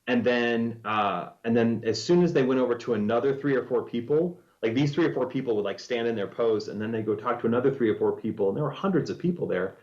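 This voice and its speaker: A man, a former reality show contestant, casually telling a story in an animated way and acting out what people said. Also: mid-range voice, fast talker, hardly any pauses. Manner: animated storyteller, acts out quoted lines. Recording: dull lo-fi audio.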